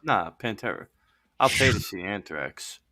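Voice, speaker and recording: Animated profane male podcast co-host. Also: fairly low pitch, a little slow, dry recording, studio quality. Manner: animated, profane, acts out quotes, laughs often. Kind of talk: casual chat, storytelling.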